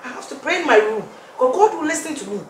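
A woman's voice: high-pitched, expressive, fast talker. A woman on a discussion panel, talking animatedly and laughing often as she makes her points. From Ghana. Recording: echoey room with faint noise.

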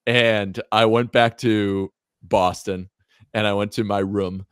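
A man in his thirties, a guest on a podcast, telling a story in a lively, animated way. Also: lowish voice, slow pace, smooth, dry recording, clean studio sound. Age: 30s. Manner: animated, lively storyteller who acts out other people's lines and laughs often. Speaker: whiskey brand founder, podcast guest.

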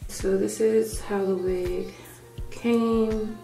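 Young woman, hair vlogger, rambling casual chat, raspy morning voice, distant mic, faint background music. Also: medium pitch, steady tone, extremely slow, roomy sound. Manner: rambling, thinking out loud. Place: room at home.

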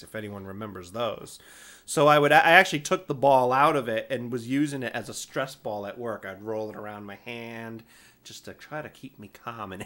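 A man casually telling a tech support story from his past, animated and exasperated, poking fun at himself. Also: mid-range voice. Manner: animated, exasperated, self-mocking. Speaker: storyteller, former IT support worker.

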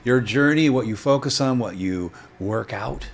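A man's voice: medium pitch, moderate pace, a little hiss or hum. A man hosting an interview, an artist speaking in a reflective, agreeable way. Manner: agreeable, reflective, listens with short affirmations. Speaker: podcast host, artist. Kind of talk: casual interview chat.

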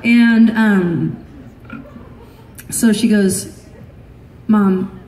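A woman's voice: medium pitch, steady tone, normal speed, warm tone. A woman in her thirties, a singer-songwriter telling a funny story on stage between songs, laughing often and poking fun at herself. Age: 30s. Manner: laughing, self-deprecating humor. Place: live concert venue with audience. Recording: echoey live venue, distant mic, crowd noise.

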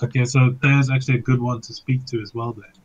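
A man playing in an online tabletop role-playing game, calmly planning his moves aloud over a dull voice call. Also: mid-range voice, fast talker, slight background noise. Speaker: player. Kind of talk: casual chat during a role-playing game.

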